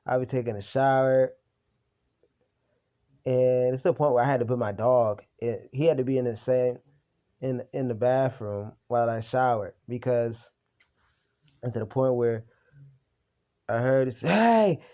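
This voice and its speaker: A young man with a mellow, dark-toned voice talks straight to camera in an unscripted vlog. He tells his story heatedly, full of blunt slang and swearing, without stopping. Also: medium pitch, flat delivery, measured pace, pauses often, smooth. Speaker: vlogger on recovery from narcissistic abuse. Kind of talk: unscripted personal venting to camera.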